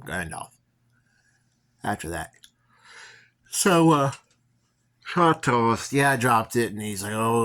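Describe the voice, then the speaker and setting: A man's voice: sits low, gravelly, a bit bright. A young man casually telling a personal story to viewers, rambling with many fillers and restarts. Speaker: vlogger.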